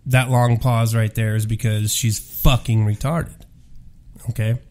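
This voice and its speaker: A man's voice: lowish voice, level tone, measured pace, a little mellow. A man hosting a paranormal audio show, ranting in a profane, rambling, emphatic monologue.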